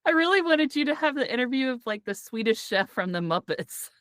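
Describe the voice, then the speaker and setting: A woman's voice: a little high, very animated, a little fast, fairly bright tone, dry recording, studio quality. A woman hosting a podcast, chatting casually, telling stories and laughing often. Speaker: podcast host.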